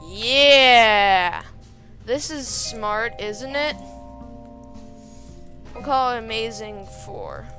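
A woman's voice: a little high, slow, long pauses, fairly bright tone. A woman chatting to herself during gameplay commentary, thinking aloud and getting exasperated as she plays at her computer. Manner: chatty, talks to herself while building, gets exasperated. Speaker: gaming channel host. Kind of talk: let's-play gameplay commentary. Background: game music.

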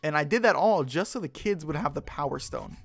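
A man's voice: a little high, expressive, brisk, creaky, faint music behind. A man hosting a let's play, giving casual gameplay commentary in a chatty, joking manner and swearing freely.

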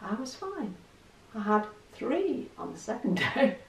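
A middle-aged woman talks candidly to the camera and pokes fun at herself. Her voice has a gravelly rasp, and she sounds a little distant in an echoey room. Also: a little high, sing-song, a little slow. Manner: chatty, candid, self-deprecating. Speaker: vlogger. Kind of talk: casual chat to camera.

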